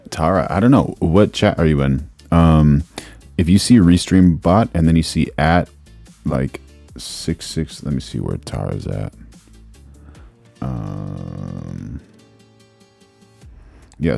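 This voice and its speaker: A man's voice: extremely low pitch, gravelly, warm tone. A man hosting a live reaction stream, talking in a laid-back, rambling, slangy way into a streaming mic. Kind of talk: casual live-stream commentary.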